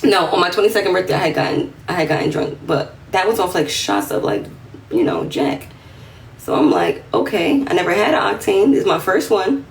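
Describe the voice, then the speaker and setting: A woman's voice: fairly low pitch, brisk. Twenties woman, New York accent, telling a casual story on a livestream. Set a bit back from the phone, with faint room noise. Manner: animated, slangy, acts out quotes in a raised voice. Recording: roomy, slightly distant phone audio with faint room noise.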